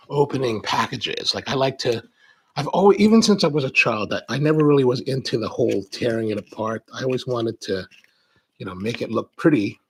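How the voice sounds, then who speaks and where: Middle-aged male host, gravelly tone, meandering live-stream unboxing chatter. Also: medium pitch, slight background noise, low-quality recording. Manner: rambling, chatty storyteller. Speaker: coffee channel host. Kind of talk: casual live-stream chat.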